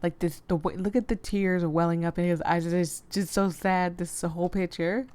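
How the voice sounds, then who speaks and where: A woman's voice: on the low side, fairly even intonation, normal speed, darkish tone. A woman playing a visual novel, reading its narration aloud and reacting emotionally. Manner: emotional, reacts openly to the story. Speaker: let's play gamer.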